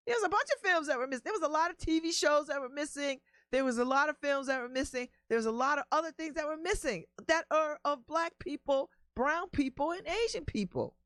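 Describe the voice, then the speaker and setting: Lively, animated woman radio host. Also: high-pitched, fairly quick, dry recording. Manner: animated storytelling, emphatic repeats. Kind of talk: casual chat about music.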